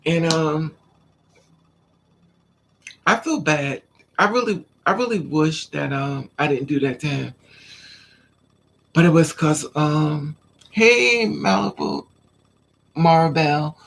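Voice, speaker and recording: A woman's voice: low voice, very animated, slow pace, long pauses, a little hiss or hum. A woman vlogger telling stories in a casual livestream chat and talking straight to her viewers. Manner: chatty storytelling, addresses viewers directly.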